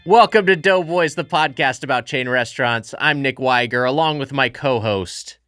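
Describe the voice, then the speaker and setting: A man's voice: mid-range voice, moderate pace, pushed and bright, clear, resonant tone, no room sound, faint music behind. A man hosting a comedy podcast about chain restaurants, chatting in a jokey, rambling way with plenty of fillers. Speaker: podcast host. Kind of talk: casual comedic podcast chat.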